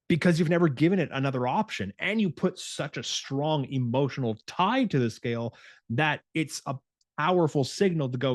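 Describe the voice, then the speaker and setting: A male fitness coach giving a motivational talk, animated and acting out his clients' inner voices, with frequent restarts and filler words. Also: fairly high pitch, normal speed, no room sound, clean studio sound.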